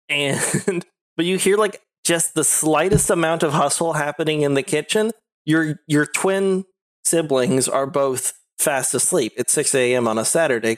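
A man narrating a tabletop game as game master, rambling with lots of "like" and frequent giggles. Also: a little high. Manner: giggly, rambling with many likes.

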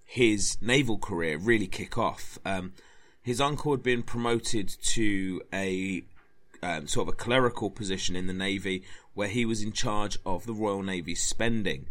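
Guy rambling thru history, lowish voice, lots of um and you know. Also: fairly bright tone. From England. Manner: rambling, many fillers and restarts. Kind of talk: casual history talk.

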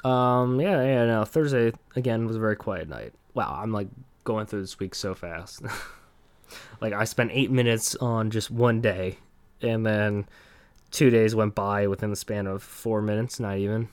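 This young podcast host has a lowish, smooth, darkish voice and speaks a little slowly, rambling solo with lots of fillers and laughing at himself self-deprecatingly. No echo on the recording.

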